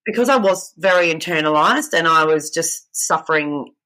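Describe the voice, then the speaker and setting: A woman's voice: deep voice, animated, moderate pace, bright, forceful tone. A woman speaking frankly and with humour in a casual podcast conversation.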